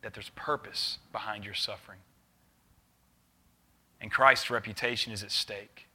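A man, a youth pastor preaching a sermon earnestly, swinging between loud urging and quiet intensity. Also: fairly low pitch, fairly even intonation, a little slow, slightly rough.

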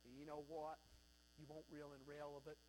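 A middle-aged man from North Carolina, preaching a sermon as pastor, swinging from hushed to loud exhortation. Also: fairly high pitch, little pitch movement, a little fast, a little hiss or hum, rough recording.

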